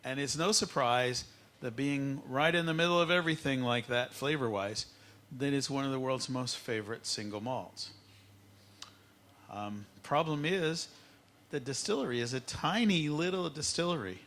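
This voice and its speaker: Man leading a lively whisky masterclass. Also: medium pitch. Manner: lively, playful, drawn-out words for effect. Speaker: whisky educator. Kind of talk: live tasting masterclass talk. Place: expo tasting hall.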